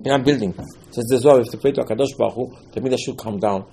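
A man's voice: mid-range voice, rapid-fire, vocal fry, dark tone, slight background noise. A man giving a sermon on scripture, telling the stories with animation, acting out the quotes and repeating key words for emphasis. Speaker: religious teacher.

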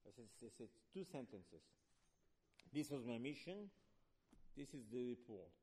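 A man teaching Torah in an animated, emphatic way, firing rhetorical questions and mixing in Hebrew terms. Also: medium pitch, measured pace, big-room sound.

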